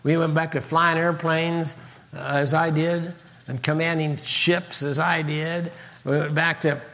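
Older male speaker, gravelly, earnest storyteller, dull lo-fi recording. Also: fairly high pitch, little pitch movement, unhurried, a bit bright. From Kansas. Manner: earnest storytelling with emphatic repetition. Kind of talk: motivational talk.

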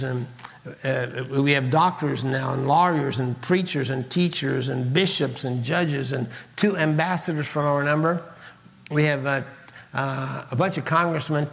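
An older man from Kansas gives an earnest motivational talk, telling his story with emphatic repetition. His voice is on the high side, gravelly and a bit bright, and the sound is lo-fi.

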